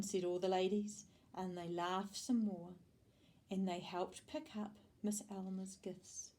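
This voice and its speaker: A woman with a New Zealand accent reading a children's storybook aloud, with an expressive delivery and small slips and restarts. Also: mid-range voice, slow pace.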